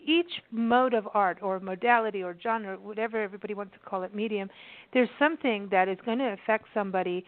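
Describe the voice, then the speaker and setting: A woman's voice: medium pitch, quick pace, no room sound. A woman radio host in a conversational interview, enthusiastic and rambling, often restarting her sentences. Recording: tinny phone-line sound.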